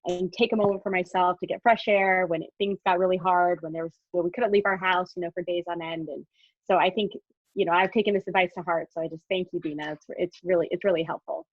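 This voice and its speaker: A woman's voice: fairly low pitch, fairly even intonation, fast talker, dry recording. A woman moderating an online talk, speaking hesitantly with many fillers and restarts. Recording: dull, dry sound.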